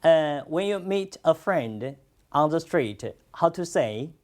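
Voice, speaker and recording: A Chinese language teacher, a native Chinese speaker, teaching a class in English with steady praise and repetition. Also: medium pitch. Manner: slow, encouraging, repeats lots of praise. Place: classroom with students.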